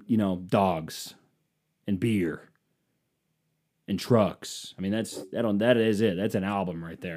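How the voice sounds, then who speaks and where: A man's voice: fairly low pitch, mellow. A man hosting a podcast, delivering a rambling, sarcastic comedic monologue with casual swearing. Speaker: podcast host.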